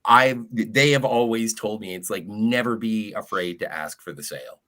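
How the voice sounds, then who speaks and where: A man's voice: lowish voice, moderate pace, bright, forceful tone. A man joining a casual live-stream chat, arguing his point with stories.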